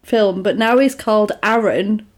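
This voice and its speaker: A woman's voice: medium pitch, unhurried. A woman in casual chat, animatedly retelling a film plot and acting out the characters' lines.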